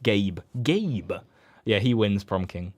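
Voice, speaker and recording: A man's voice: on the low side, animated, slow, a little mellow. A young man co-hosting a podcast, chatting casually and rambling about films. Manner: chatty, rambling, slips into silly impressions. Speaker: podcast co-host. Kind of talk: casual film review chat.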